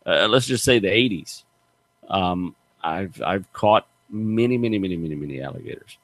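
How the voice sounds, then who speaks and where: Middle-aged male radio host, animated folksy storyteller, very expressive pitch, dry close sound. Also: moderate pace, dry recording. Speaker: radio show host, gator hunter. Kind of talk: casual radio chat, storytelling.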